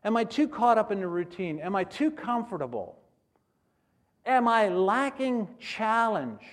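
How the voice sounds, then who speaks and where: Animated middle-aged missionary preacher, man. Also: sits high, a little slow. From United States. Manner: animated preaching, acts out prayers and rising to loud exclaims. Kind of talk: sermon.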